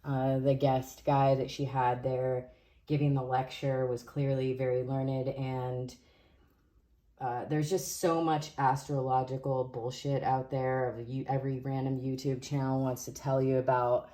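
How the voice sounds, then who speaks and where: Very low-voiced woman rambling in a vlog. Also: little pitch movement, unhurried. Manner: rambling, self-correcting, soft-spoken. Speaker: music vlogger and musician. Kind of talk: casual video review. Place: dim room at home.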